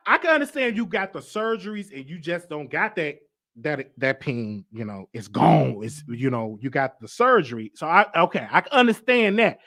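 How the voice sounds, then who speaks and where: This American host of a live online show has a slightly high voice that sounds pushed and bright. He talks in a relaxed but emphatic way, says things more than once, and reads out comments from viewers.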